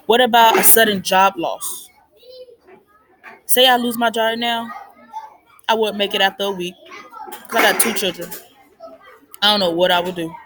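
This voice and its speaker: A woman's voice: medium pitch, background noise. A young woman giving money advice in a casual, unscripted monologue, chatty and repetitive, with lots of "like" and "I mean.". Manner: chatty, repeats points, fillers like "like" and "I mean". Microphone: phone recording.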